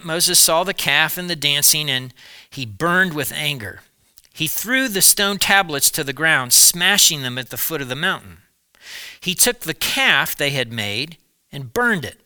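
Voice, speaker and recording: A man preaching, retelling a Bible story in a lively storytelling way with small asides. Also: fairly high pitch, clean tone, no echo.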